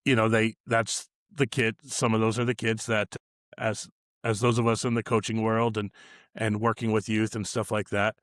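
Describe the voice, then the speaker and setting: A man hosting an interview podcast, also a youth coach, asking questions in a halting way, thinking aloud with fillers. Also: on the low side, flat delivery, a bit bright, no echo, studio quality.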